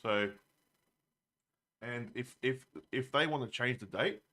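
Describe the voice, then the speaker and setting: A man speaking in a casual podcast conversation, with a bright, forceful voice. He is earnest and hesitant, repeating words as he finds his point. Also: mid-range voice, slow pace.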